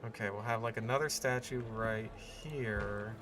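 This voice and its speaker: A gaming channel host with a fairly low, unhurried voice chats casually while building in a park game, against a noisy background. He muses and thinks aloud, rambling with plenty of fillers.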